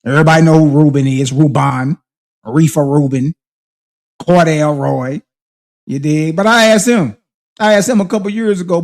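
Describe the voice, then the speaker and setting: Fiery high-voiced man ranting on stream. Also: moderate pace, darkish tone. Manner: confrontational, preachy, heavy slang. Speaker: livestream host. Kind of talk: heated livestream commentary.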